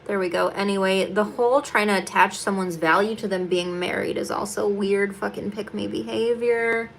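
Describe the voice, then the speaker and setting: A young adult woman comedian with a mid-range, gravelly voice speaks at a moderate pace in a steady tone, with a little hiss or hum in the recording. Doing her makeup on a casual livestream, she answers viewers bluntly and sarcastically, swearing plenty.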